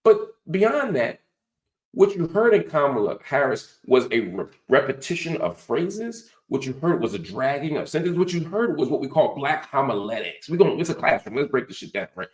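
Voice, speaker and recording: A man's voice: on the high side, sing-song, moderate pace, reverberant. A man hosting a political commentary show, teaching in an emphatic, preacher-like cadence. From United States. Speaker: host.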